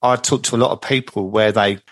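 A man's voice: lowish voice, fairly even intonation, a little fast, fairly bright tone. A man hosting a podcast, chatty and full of anecdotes. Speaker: podcast host. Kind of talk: casual podcast conversation.

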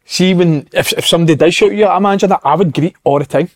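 A man's voice: sits high, quick pace, a little mellow. A Scottish man, a podcast co-host, talking earnestly in casual chat with local slang.

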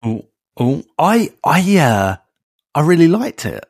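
A man's voice: on the high side, big pitch swings, takes it slowly, breathy edge, dry recording, studio quality. A young man with an Essex accent co-hosting a podcast, chatty and rambling, saying "mate" a lot. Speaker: podcast co-host. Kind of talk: casual chat.

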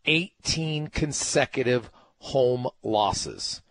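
Husky-voiced man ranting on sports radio. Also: medium pitch, lively intonation, extremely slow, dry recording. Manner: emphatic, ranting, rhetorical questions. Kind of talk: opinionated sports talk radio.

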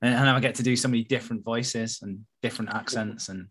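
A man's voice: medium pitch, steady tone, quick pace, a bit bright, slightly rough. A man hosting a podcast, chatting with friends in a jokey way and laughing often. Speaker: podcast host. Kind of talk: casual chat among friends.

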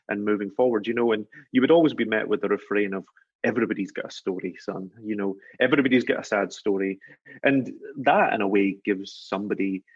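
Glaswegian man, low voice, breathy, dry sound, slightly dull recording, thoughtful interview talk. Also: no room sound. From Scotland. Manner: thoughtful, measured, earnest. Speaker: author guest.

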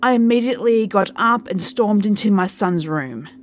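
A woman narrating a first-person horror story in a slow, measured way. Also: medium pitch, lively intonation, a little hiss or hum.

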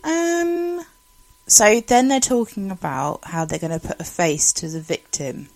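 A woman's voice: mid-range voice, a little slow, darkish tone. A woman casually talking through a film, reacting with exclamations and groans. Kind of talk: casual film recap chat.

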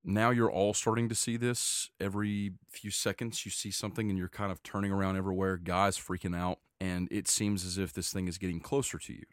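A man narrating as game master of a tabletop game, describing scenes steadily with quick asides. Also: sits low, little pitch movement, dry recording, studio quality.

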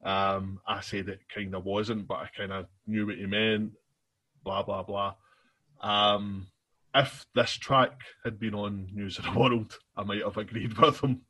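A man's voice: fairly low pitch, flat delivery, unhurried, bright, forceful tone, breathy edge. A man with a Scottish accent co-hosting a podcast in casual chat, hesitant with many ums and restarts. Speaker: podcast co-host.

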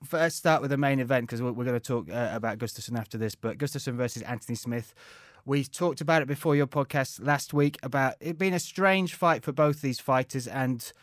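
A man's voice: mid-range voice, a little fast, hardly any pauses, no echo, clean studio sound. A man in his forties hosting a podcast, chatting casually with jokey, rambling banter. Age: 40s. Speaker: podcast host. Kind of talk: casual chat.

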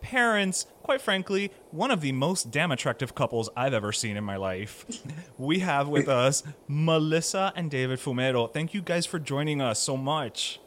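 A man's voice: on the high side, animated, moderate pace, a bit bright, slight background noise. A man hosting a podcast, introducing guests in casual chat, laughing easily and dropping Spanish words. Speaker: podcast host.

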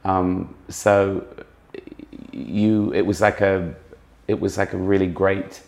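A man's voice: deep voice, little pitch movement, takes it slowly, creaky, darkish tone. A man speaking as a fashion critic in a conversational interview, musing and often circling back to rephrase his points.

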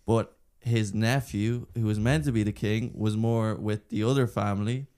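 A man's voice: on the low side, steady tone, normal speed, mellow, clean tone. A young man co-hosting a chat, explaining things at length in an earnest way. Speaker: podcast co-host. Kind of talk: casual chat.

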